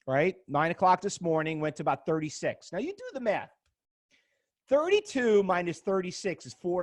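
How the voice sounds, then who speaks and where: Middle-aged male trading instructor, live seminar, emphatic and excitable, high and lively delivery. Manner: excitable and emphatic, repeats words, acts out arguments. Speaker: trading instructor presenting at an expo. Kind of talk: animated live seminar talk to an audience.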